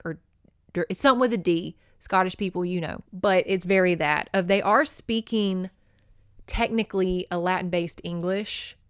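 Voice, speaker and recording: A woman's voice: mid-range voice, a bit bright, clear, resonant tone, no echo, studio quality. A woman hosting a podcast, recapping a romance novel in a casual, chatty way with swearing and laughing asides. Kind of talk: casual book recap with read-aloud passages.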